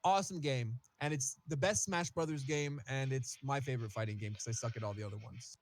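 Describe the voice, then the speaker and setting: A man's voice: mid-range voice, brisk, dry recording. A man co-hosting a casual gaming podcast, joking and hyping his picks like an announcer. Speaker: podcast co-host.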